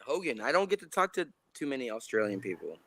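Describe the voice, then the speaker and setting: A man's voice: medium pitch, sing-song, fast, a crowd in the background, poor audio. A man joking and teasing his friends in a casual live-stream chat.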